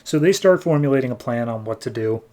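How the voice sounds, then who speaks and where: A man's voice: medium pitch, animated, fast, warm tone. A man co-hosting a podcast, retelling a comic story in a rambling, filler-heavy casual way. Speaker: podcast co-host. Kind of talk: casual comic book recap.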